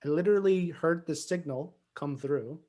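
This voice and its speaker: A young man with a somewhat high-pitched voice talks casually on a podcast. He tells stories loosely, laughing often and swearing now and then. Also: moderate pace, mellow. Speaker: podcast co-host. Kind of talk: casual chat.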